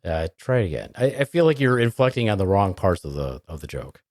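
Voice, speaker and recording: A man with a lively, up-and-down voice teases and critiques his co-host's joke telling. His pitch swings freely, and the sound is dry and close to the mic. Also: fairly quick, no room sound. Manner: teasing, coaching and critiquing. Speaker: podcast guest, joke teller. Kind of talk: casual chat.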